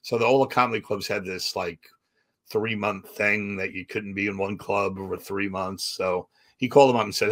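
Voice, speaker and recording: A man's voice: on the low side, moderate pace. A man, a comedian and magician, telling stories in a casual interview and acting out the people in them. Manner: animated anecdotes with acted-out quotes and laughs.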